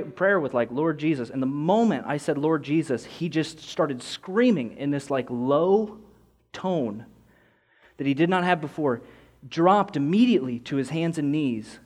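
Earnest rambling young man storyteller. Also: a little high. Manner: rambling, many restarts and "like" fillers; earnest, rising excitement in quoted moments. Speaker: speaker telling a personal faith story. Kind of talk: candid storytelling.

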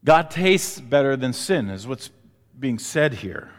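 Animated preacher man in a reverberant hall. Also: medium pitch, slow. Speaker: pastor. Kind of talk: sermon.

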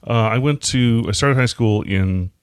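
A man's voice: medium pitch, measured pace, smooth, no echo. A man in his forties, a podcast guest chatting casually with dry jokes. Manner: dry, joking. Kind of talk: casual chat.

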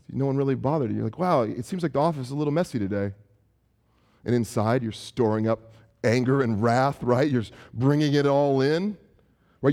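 A man preaching a conversational sermon, acting out quoted voices and putting questions to his listeners, with frequent restarts. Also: mid-range voice. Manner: animated, acts out quoted voices and asks the audience questions; frequent restarts and casual fillers. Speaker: pastor.

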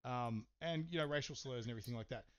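A man's voice: medium pitch, quick pace, clean tone. A man hosting a podcast, telling a story in casual chat, swearing and rambling with lots of fillers. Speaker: podcast host. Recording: slightly dull, muffled sound.

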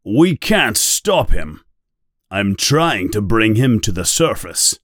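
A man reading the lines of a gruff veteran shark hunter in a flat, terse, matter-of-fact way. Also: lowish voice, slow, no echo, clean studio sound, heavily acted. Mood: blunt.

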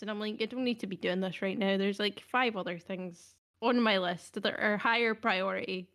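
A woman's voice: mid-range voice, steady tone, normal speed, hardly any pauses, a bit bright. A young adult woman, hosting a podcast in a casual, hesitant, self-deprecating way, with many ums. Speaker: podcast host. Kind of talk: casual chat.

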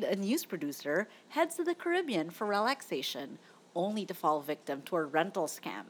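A woman's voice: lowish voice, fairly bright tone. Chatty, opinionated woman podcast host. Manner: chatty, opinionated, laughs often. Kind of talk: casual chat reviewing movies.

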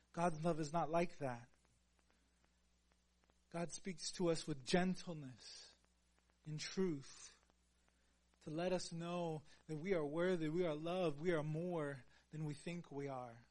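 A man preaching a sermon in an earnest voice, dropping to a hush and then rising to louder, emphatic lines. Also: a little high, steady tone, takes it slowly, long pauses. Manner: earnest, swings between soft hushed passages and louder emphatic ones.

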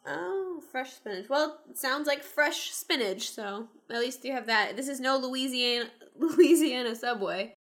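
A woman's voice: sits high, lively intonation, a little slow, fairly bright tone. A woman hosting a casual podcast over a remote call, chatty and self-mocking, laughing often. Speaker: podcast host. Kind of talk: casual chat.

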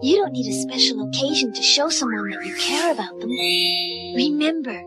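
A gentle, caring cartoon bear speaks in a high, soft, sweet tone. The lesson comes kindly and instructively. Loud music plays under it in an old cartoon clip. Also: female voice, animated, normal speed.

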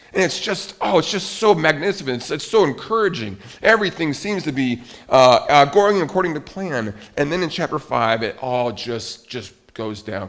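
A man preaching a sermon, reading scripture aloud with dramatic emphasis, swinging between loud urgent lines and quiet drawn-out ones, often correcting himself mid-sentence. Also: mid-range voice. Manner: frequent self-corrections and restarts while reading scripture. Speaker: pastor.

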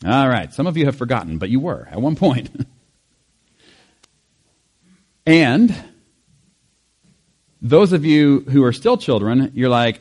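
A man preaching to a congregation in an easygoing, animated way. His voice sits in an ordinary middle pitch, and he talks the way friends chat, acting out quotes as he goes. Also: normal speed, long pauses, breathy edge. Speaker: pastor. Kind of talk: sermon.

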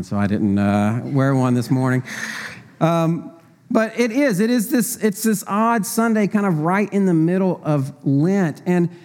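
Conversational deacon preaching a sermon. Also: male voice, on the high side, a little mellow. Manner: conversational, rhetorical questions, frequent fillers. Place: church.

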